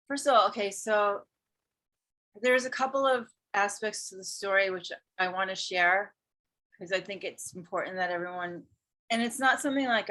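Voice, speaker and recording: A woman who teaches yoga and spirituality, telling a personal story in casual conversation, earnest and animated. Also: on the low side. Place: Hawaii.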